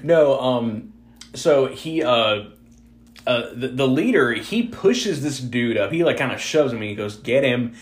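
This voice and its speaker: A man's voice: medium pitch, lively intonation, unhurried. A man chatting casually about a film, hesitant with fillers and self-corrections. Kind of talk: casual movie discussion.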